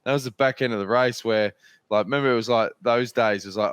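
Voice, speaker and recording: A man's voice: medium pitch, fast, smooth, no room sound. An Australian man spins loose, rambling anecdotes as a podcast host, swearing freely along the way. His voice sits mid-range and sounds close and dry, with no room around it. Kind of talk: casual storytelling chat.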